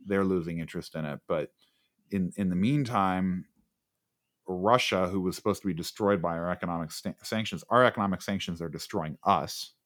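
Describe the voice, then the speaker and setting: A man's voice: low-pitched, normal speed, a bit bright. A man co-hosting a podcast in casual chat, rambling and sarcastic with lots of fillers. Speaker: podcast co-host.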